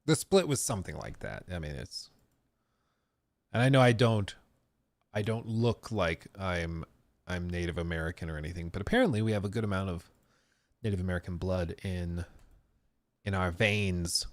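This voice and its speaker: A man's voice: low voice, normal speed, pauses often, no room sound. A man hosting a live stream, rambling casually as he reads and answers viewer messages. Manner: rambling, reacting to chat with frequent restarts.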